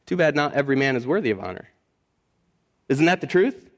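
A male pastor preaching a sermon in a conversational way, asking the congregation questions and swinging between quick asides and slow emphasis. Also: medium pitch, very animated.

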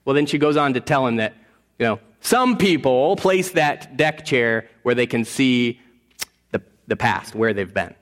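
A man preaching a sermon as pastor, earnest, moving between quiet asides and raised appeals. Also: mid-range voice, animated, measured pace, big-room sound.

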